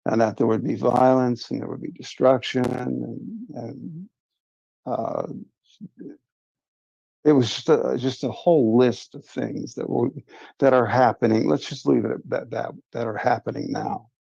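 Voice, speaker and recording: A man's voice: medium pitch, steady tone, unhurried, creaky, dark tone, breathy edge, no echo. A man hosting a livestream, earnestly recounting a personal experience in a casual, confiding way. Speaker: livestream host. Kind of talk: casual first-person storytelling. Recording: dull lo-fi stream audio.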